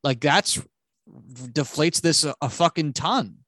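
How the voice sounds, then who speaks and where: A man's voice: on the high side, slow pace, dry recording. A man co-hosting a podcast, chatting casually about a film in a rambling, profane way. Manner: rambling, profane, animated retelling. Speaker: podcast co-host. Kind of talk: casual movie review chat.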